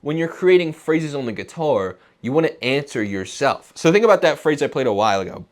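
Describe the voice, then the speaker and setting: A man's voice: fairly high pitch, very animated, brisk, few pauses. A man teaching guitar in a casual lesson, explaining improvising and scat-singing phrases along with his playing. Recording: music playing behind the voice.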